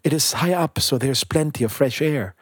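A man's voice: medium pitch, normal speed, breathy edge, no echo, clean studio sound, lightly acted. A man voicing a small, kind-hearted male bird in a storybook reading, with a light, wondering manner. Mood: musing.

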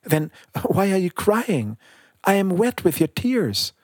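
A man's voice: high-pitched, sing-song, slow pace, slightly rough, dry recording, studio quality, pitched above the performer's own voice, heavily acted. A man voicing a small, kind-hearted male bird in a storybook reading, with a light, wondering manner. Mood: concerned.

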